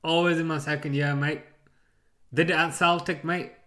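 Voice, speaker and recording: A loud, bright voice of a brash middle-aged football manager, as a man puts him on, tacking "mate" onto every phrase. The tone is pushed up higher and louder than plain talk, cocky and insistent. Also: flat delivery, moderate pace. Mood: boastful.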